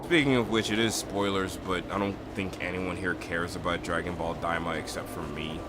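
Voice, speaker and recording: A man streaming in a casual chat, excitable and retelling anime scenes with big voices. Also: low-pitched, moderate pace, noisy background.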